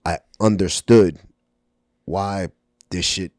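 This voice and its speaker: This is a low, slightly mellow male voice, slow and fairly even in intonation, recorded in a studio without echo. The speaker is a middle-aged Brooklyn native guesting on a podcast, candidly narrating his life with lots of ums and acted-out dialogue.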